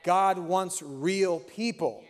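High-voiced preaching man in echoing hall. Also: very slow. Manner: impassioned, repetitive preaching cadence. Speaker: pastor. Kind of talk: sermon. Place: church sanctuary.

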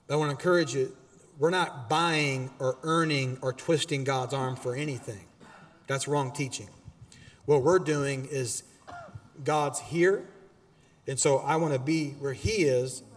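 A man preaching a sermon as pastor in a church auditorium, animated and exhorting, with casual asides to the congregation. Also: medium pitch, long reverb tail.

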